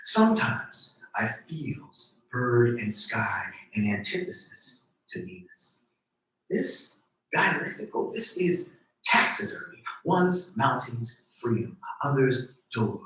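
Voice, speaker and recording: A man giving a slow, deliberate, rhythmic live poetry reading. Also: mid-range voice, sing-song, bright, forceful tone. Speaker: poet reading his work. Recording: very echoey room, voice from far off.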